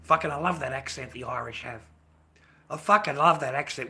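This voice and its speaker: An Australian man livestreaming, greeting chat and ranting in a rambling, heavily profane way, swinging between low mutters and loud outbursts. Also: animated, moderate pace. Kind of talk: casual ranting monologue.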